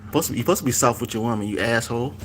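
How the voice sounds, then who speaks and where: A man's voice: mid-range voice, fairly bright tone, a little hiss or hum, low-quality recording. A man vlogging as he cooks, chatting casually to his viewers and rambling, repeating phrases, talking slangy. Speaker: cooking vlogger.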